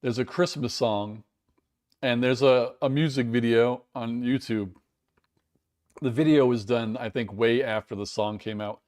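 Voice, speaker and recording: A man's voice: medium pitch, fairly even intonation, unhurried, a little mellow. An American man hosting a casual live stream, chatting and rambling in a self-deprecating way while reading viewer comments, recorded indoors at home. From United States.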